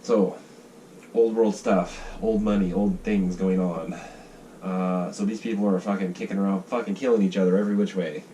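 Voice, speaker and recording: Man from the United States, low voice, dark tone, rambling casual talk, swears a lot. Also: steady tone, normal speed. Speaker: vlogger sketching ideas. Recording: distant mic with faint noise.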